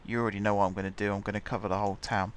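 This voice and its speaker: Guy muttering through a building game, lowish voice, faint room hum and clicks. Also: level tone, rapid-fire. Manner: chatty, muttering to himself while building. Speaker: gaming channel host. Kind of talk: casual game commentary.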